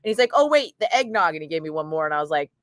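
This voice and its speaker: A woman's voice: low voice, rapid-fire, no echo, studio quality. Chatty middle-aged woman. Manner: chatty, animated storyteller, swears casually. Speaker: radio DJ chatting with live viewers. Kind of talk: casual livestream chat.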